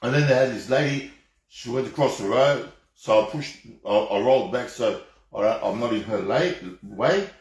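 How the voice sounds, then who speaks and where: A man's voice: medium pitch, moderate pace, lo-fi sound. An Australian man ranting in a heated, rambling way on a live stream, swearing heavily and often restarting his sentences. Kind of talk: profane off-the-cuff rant. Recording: echoey room.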